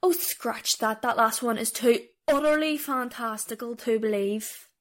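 A woman's voice: on the high side, unhurried, fairly bright tone. A woman podcast host performing a comedy sketch as a tour guide, theatrical and mock-indignant.

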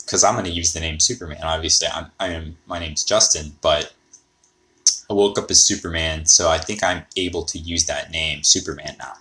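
Deep-voiced man rambling on a podcast. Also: sharp tone. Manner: rambling, thinking aloud. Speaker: podcast host. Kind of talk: casual podcast monologue.

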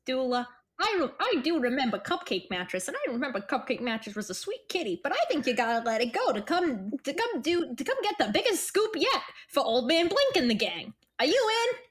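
A woman voicing Jeb, a shy, lovestruck young man in a tabletop game, with a squeaky, stammering voice and a put-on southern drawl. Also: sing-song, fairly quick, few pauses. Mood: earnest.

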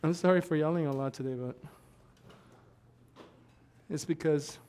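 A man preaching a sermon in a church, swinging from loud shouting to quiet joking asides with laughs. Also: on the high side, a little slow, a little hiss or hum. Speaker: pastor.

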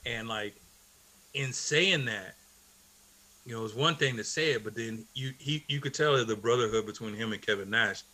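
Middle-aged guy chatting loose, bright voice, keeps restarting his sentences. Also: mid-range voice, moderate pace. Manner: laid-back, reminiscing, trailing restarts. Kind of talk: casual wrestling talk.

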